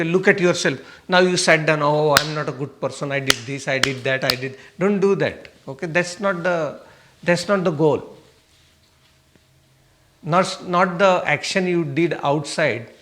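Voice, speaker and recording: A man's voice: high-pitched, fairly bright tone. A man giving a spiritual talk to a meditation class, asking the room questions and answering them himself, often checking "okay?". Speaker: meditation teacher.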